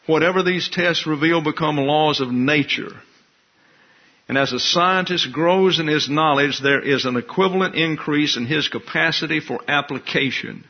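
An older man delivers a sermon in a husky, slightly breathy voice. He talks in a folksy way and teases people in the pews. The recording sounds a little dull and muffled. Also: on the high side. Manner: folksy, teasing asides to the congregation. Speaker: pastor.

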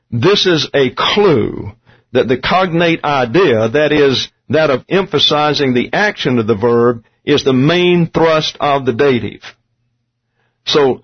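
A man teaching a Bible study lesson on Greek grammar, explaining terms step by step with dry asides. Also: medium pitch. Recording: dull lo-fi recording.

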